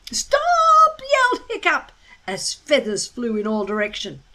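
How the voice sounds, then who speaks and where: A woman reading a children's novel aloud in a slow, expressive, deliberate way. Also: mid-range voice, breathy edge, poor audio. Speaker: storyteller reading a children's book. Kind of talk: storybook read-aloud.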